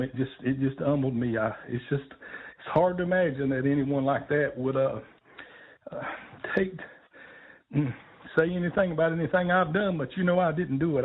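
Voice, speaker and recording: A man's voice: mid-range voice, slightly rough. An older man, a gospel songwriter, telling stories on a radio show, emotional and laughing often. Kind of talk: heartfelt storytelling on a radio call-in. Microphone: phone. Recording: tinny phone line.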